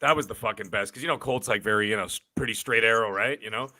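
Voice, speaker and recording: A man's voice: lowish voice, quick pace, bright, forceful tone, no echo. A man co-hosting a casual gaming podcast, joking around. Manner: joking, does goofy impressions. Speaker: podcast co-host.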